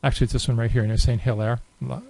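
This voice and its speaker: A man giving a relaxed, unscripted screen-recorded software tutorial, thinking aloud with many fillers. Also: mid-range voice, rapid-fire, creaky, low-quality recording. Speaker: software demonstrator.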